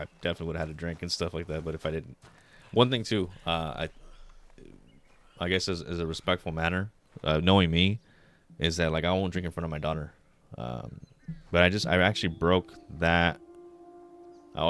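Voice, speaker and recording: A man in his thirties streams a game and chats casually, rambling in a laid-back way, swearing often and dropping in Spanish words. His voice sits low with a fairly bright tone.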